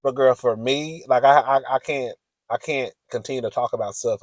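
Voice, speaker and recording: A man's voice: medium pitch, steady tone, moderate pace, dry recording. A man vlogging in a sassy, giggly gossip chat, calling the audience "girl" often. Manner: chatty, sassy, giggly, says "girl" a lot.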